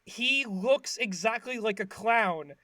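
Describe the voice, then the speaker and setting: A man's voice: sits high, lively intonation, takes it slowly, pushed and bright, dry recording, clean studio sound. A man casually retelling a cartoon episode on a podcast, rambling with lots of fillers and acting out bits of dialogue. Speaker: podcast co-host recapping an episode. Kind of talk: casual chat.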